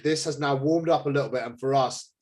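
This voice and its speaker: A man's voice: mid-range voice, fairly quick, darkish tone. Chatty man hosting a tasting. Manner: chatty, laughs often, reads out viewer comments. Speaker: co-host of a live wine tasting. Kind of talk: casual live-stream chat.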